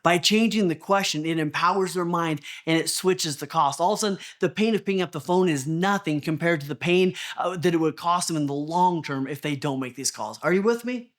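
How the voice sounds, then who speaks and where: Man, motivational business coach, fairly high voice, earnest, repeats himself, questions the listener. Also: a little fast, few pauses. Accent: Texan.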